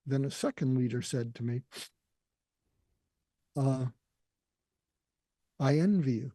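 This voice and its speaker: An older man telling a deeply personal story in an earnest, emotional way, often quoting what others said to him. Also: slow, warm tone, no echo, studio quality. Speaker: guest.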